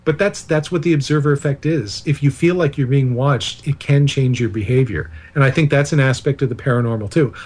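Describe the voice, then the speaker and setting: A man's voice: medium pitch, a little mellow. A man speaking as the guest author on a radio interview, explaining ideas at length with digressions and self-deprecating asides.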